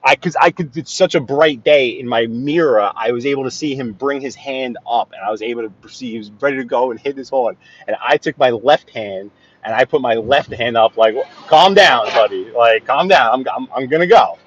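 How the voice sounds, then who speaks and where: A man's voice: medium pitch, a little fast, muffled recording. A man giving casual running commentary while he drives, chatty, laughing at his own stories and repeating phrases, recorded on a phone inside a car. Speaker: vlogger driving through his neighborhood. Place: inside a car on city streets.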